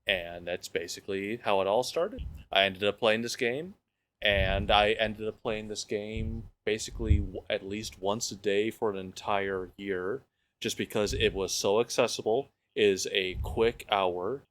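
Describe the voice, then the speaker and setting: A man's voice: lowish voice, fairly even intonation, a little slow, fairly bright tone. A man chatting casually on a podcast, rambling with frequent restarts. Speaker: podcast co-host.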